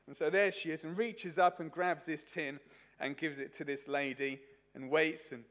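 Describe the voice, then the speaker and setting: A man's voice: on the high side, normal speed, a bit bright. A man preaching a sermon at a church service, telling a story in a chatty way with many fillers.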